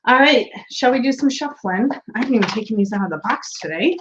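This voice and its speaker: A woman's voice: on the high side, expressive, fast talker, noisy background. A woman hosting a casual tarot livestream, chatting and laughing as she reads viewer comments aloud. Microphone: streaming setup mic. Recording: dull lo-fi stream audio.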